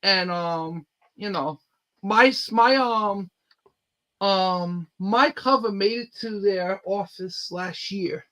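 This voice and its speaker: A man's voice: high voice, takes it slowly, sharp tone, poor audio. A man who creates his own comic books, telling stories eagerly in a casual podcast chat and rambling with lots of fillers. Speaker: independent comic book creator, guest.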